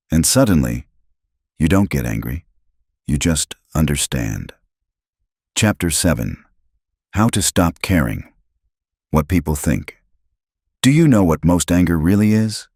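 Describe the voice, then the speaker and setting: A man narrating a self-help audiobook from a script, speaking dramatically in short punchy phrases with pauses between them. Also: extremely low pitch, a little mellow, no room sound, clean studio sound.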